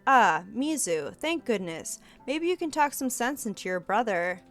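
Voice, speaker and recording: Lady doing a stuffy male teacher, prim n scolding, slow n preachy. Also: a little high, big pitch swings, faint music behind. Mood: indignant. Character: stern pompous male schoolteacher.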